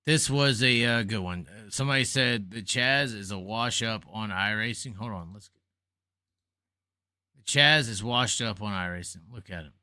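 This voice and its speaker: A man's voice: fairly low pitch, moderate pace, sharp tone, no room sound, clean studio sound. A man hosting a casual livestream, rambling and profane, worn out after hours on air. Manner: rambling, profane, jokey sign-off. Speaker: livestream host. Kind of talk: casual late-night livestream chat.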